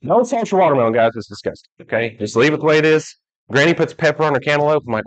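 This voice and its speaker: A man's voice: a little high, expressive, quick pace, low-quality recording. A man preaching a casual sermon in a church, telling stories with jokes and acting out the people in them. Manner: joking, storytelling, acts out quoted people. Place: church hall.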